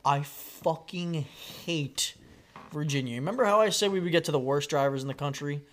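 Profane, animated man hosting a podcast. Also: on the high side, rapid-fire. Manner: profane, blunt, laughs loudly. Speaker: podcast host. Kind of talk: casual podcast banter.

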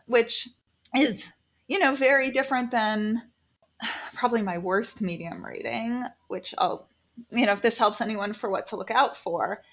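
A woman casually telling a personal story, animated and quoting people in lively voices. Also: fairly high pitch.

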